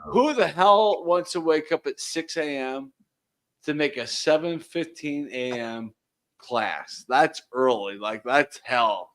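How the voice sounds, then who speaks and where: Animated, profane storytelling man. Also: a little high, takes it slowly. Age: 40s. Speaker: host. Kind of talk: casual chat.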